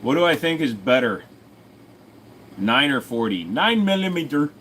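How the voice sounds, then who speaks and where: A man's voice: medium pitch, very animated, normal speed, fairly bright tone, slight background noise. A man hosting a casual livestream, talking bluntly and rambling, with plenty of swearing. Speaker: host.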